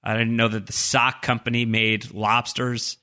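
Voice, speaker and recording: A man's voice: medium pitch, flat delivery, a little slow, sharp tone. A man co-hosting a podcast, reading listener mail aloud with jokey, self-deprecating asides. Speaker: podcast co-host.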